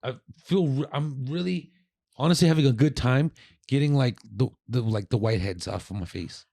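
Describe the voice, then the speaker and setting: A man's voice: mid-range voice, normal speed, creaky, warm tone. A man, a guest comedian, chatting casually in a rambling, self-interrupting way. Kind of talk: casual chat.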